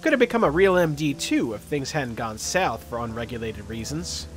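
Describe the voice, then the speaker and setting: A man's voice: mid-range voice, big pitch swings, normal speed, faint music behind, lightly acted. A man voicing a chatty, cheerful male orc street surgeon in a video game, friendly and joking. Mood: eager.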